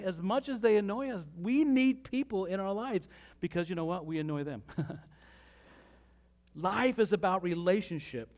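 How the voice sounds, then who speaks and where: A man preaching a sermon as pastor, reading scripture with pauses and lively asides to the congregation. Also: high-pitched.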